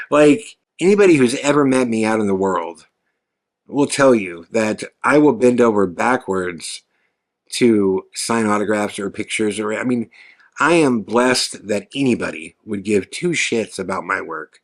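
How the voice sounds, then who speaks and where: A man hosting a podcast, telling a story in a casual, animated way, swearing freely and jumping his voice up when he quotes himself. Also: mid-range voice, measured pace. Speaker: podcast host and filmmaker.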